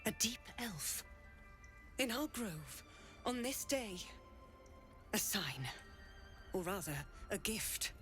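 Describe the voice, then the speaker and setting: A cold, haughty druid leader whose pitch swings widely as she hands down terse, commanding pronouncements. Faint game music sits behind her. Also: very animated, takes it slowly, long pauses, fairly bright tone.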